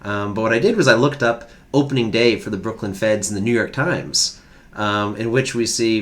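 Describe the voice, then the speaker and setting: Low-voiced man telling trivia stories. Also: normal speed, a bit bright. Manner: rambling, researched storytelling with fillers. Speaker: podcast co-host presenting trivia. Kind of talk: casual trivia chat.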